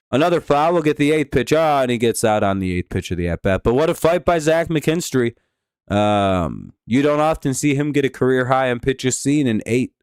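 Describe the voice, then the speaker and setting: Man, live stream host, casual game commentary, rambling, swears, smooth clear voice, dry close sound. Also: medium pitch, a little mellow, no echo. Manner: rambling, profane, offhand.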